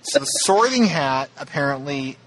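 A man's voice: a little high, animated, moderate pace, a bit bright, slight background noise, rough recording. Chatty, self-deprecating male podcast host. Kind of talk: casual podcast discussion.

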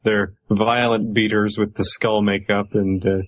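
A man in casual chat, relaxed and a little hesitant, recapping a story. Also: lowish voice, unhurried, poor audio.

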